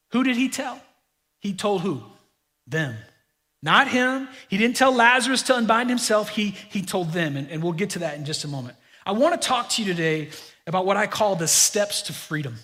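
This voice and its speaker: A middle-aged man preaching a sermon to his congregation, animated and joking with them in asides. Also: high voice, moderate pace. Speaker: pastor. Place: church sanctuary. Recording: long reverb of a large hall.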